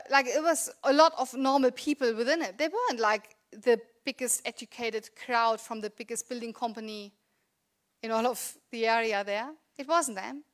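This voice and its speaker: A woman in her thirties preaching a sermon in a conversational, earnest way, asking the congregation rhetorical questions. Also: high-pitched. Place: church.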